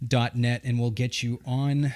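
A man's voice: mid-range voice, little pitch movement, unhurried, darkish tone. A man from Massachusetts hosting a laid-back podcast. He talks in a loose, joking way and rambles through plugs and guest news, often restarting his sentences. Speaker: podcast host. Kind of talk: casual chat.

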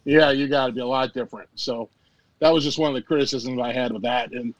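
A man's voice: medium pitch, steady tone, quick pace, dull audio, a loud crowd. A man hosting a podcast over a remote call, recapping a movie in a rambling, laid-back way with crude jokes and many fillers. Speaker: podcast host.

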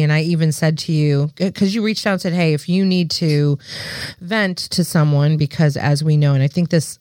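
A woman's voice: low voice, darkish tone, dry recording, studio quality. A woman co-hosting a podcast in casual chat, earnest and often restarting her sentences. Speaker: podcast co-host.

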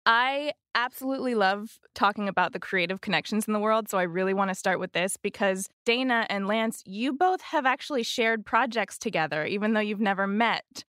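A woman's voice: medium pitch, fairly quick, hardly any pauses, fairly bright tone, clean tone, no echo. Upbeat woman host, dry sound. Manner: upbeat and enthusiastic. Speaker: podcast host. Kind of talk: scripted show introduction and interviewing.

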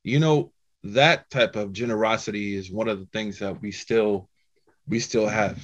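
A man telling a personal story in a talk to a Muslim audience, chatty and animated, full of "you know" and "man". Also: lowish voice, unhurried, dull audio. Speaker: Muslim speaker giving a talk.

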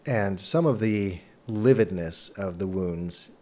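A man running a tabletop game as game master, narrating scenes in a measured, descriptive way. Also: sits low, a little mellow.

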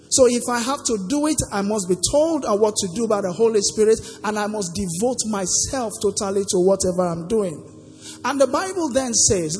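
Male pastor, high voice, call-and-response sermon, echoing sanctuary with faint music. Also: darkish tone. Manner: call-and-response preaching, asks congregation to finish verses. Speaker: preacher. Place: church sanctuary. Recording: long hall reverb with faint music.

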